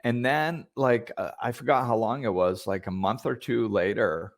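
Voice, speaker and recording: A man hosting a podcast, talking in a thoughtful, hesitant way with many pauses and restarts. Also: medium pitch. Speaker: podcast host. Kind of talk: reflective conversational talk.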